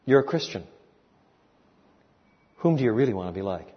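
An older man preaching an expository sermon, animated and full of restarts, building to emphatic rhetorical questions. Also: mid-range voice, moderate pace, slightly rough. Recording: lo-fi, echoey hall recording.

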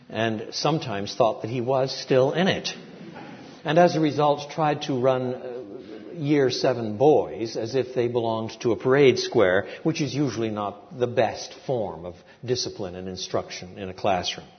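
Older man, sermon, animated storytelling, loud emphatic peaks, long hall reverb, dull muffled sound. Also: mid-range voice, normal speed. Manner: animated storytelling with big swings in loudness. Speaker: preacher.

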